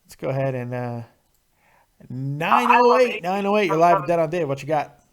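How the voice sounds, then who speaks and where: Profane male host, ranting, sarcastic, fairly high voice. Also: lively intonation, fast talker, darkish tone, clean tone. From Nevada, USA. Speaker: call-in show host. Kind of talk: profane call-in wrestling commentary.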